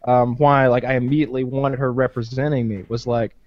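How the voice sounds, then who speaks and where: A man's voice: medium pitch, little pitch movement, a little fast, dry recording, dull audio. A man in casual, rambling podcast chat, swearing freely and leaning on fillers. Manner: profane, rambling, many fillers.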